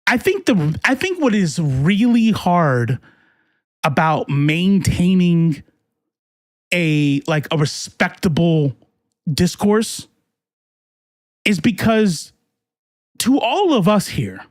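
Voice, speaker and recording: A man's voice: high-pitched, sing-song, slow, pauses often, dry recording, studio quality. A man doing casual live-stream political commentary, reading chat and ranting in a heated, profane, rambling way with many restarts.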